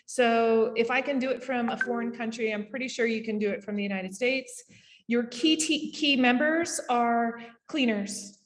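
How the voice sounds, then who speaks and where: A woman with a Canadian accent gives a casual summit talk over a video call, with quick asides and lots of fillers. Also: a little high, in a large hall. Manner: chatty, rapid asides, frequent fillers. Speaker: summit speaker on short-term rentals. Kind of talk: casual presentation.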